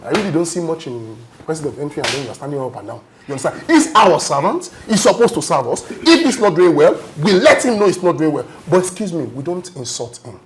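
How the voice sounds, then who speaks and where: A man's voice: a little high, very animated, brisk, few pauses, slight background noise. Emphatic man, lecturing. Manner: emphatic, lecturing, repeats "you understand?". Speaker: panel guest. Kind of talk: heated panel debate.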